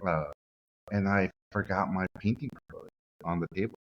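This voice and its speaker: A man's voice: deep voice, brisk, muffled recording. A man from Mexico, a guest animator, telling stories in a casual interview and acting out quotes in different voices.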